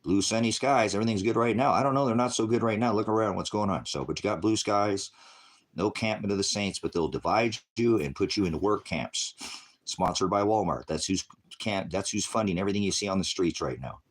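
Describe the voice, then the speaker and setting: Deep-voiced man, rambling monologue. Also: fairly quick. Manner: meandering, jumps between topics. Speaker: religious livestreamer. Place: at home with a puppy.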